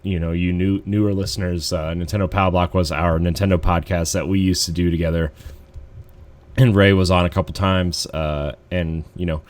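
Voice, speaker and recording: A man's voice: sits low, moderate pace. A man hosting a casual gaming podcast, rambling easily with plenty of fillers. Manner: relaxed, rambling, lots of fillers. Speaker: podcast host.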